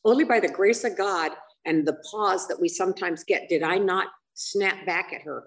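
A woman's voice: fairly low pitch, moderate pace. An older woman candidly telling her own story at a recovery meeting, rambling and self-mocking, with many fillers and asides. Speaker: speaker sharing at a recovery meeting. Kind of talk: candid personal testimony. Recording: voice picked up from a distance.

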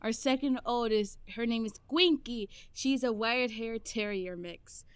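A woman's voice: a little high, a little slow, smooth, no echo. A woman from Puerto Rico, co-hosting a podcast in casual chat, talking freely and laughing easily. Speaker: podcast co-host.

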